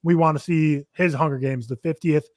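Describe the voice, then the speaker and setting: A man's voice: fairly high pitch, steady tone, moderate pace, darkish tone, dry recording, clean studio sound. A man hosting a casual movie podcast, running animatedly through film news. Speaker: podcast host.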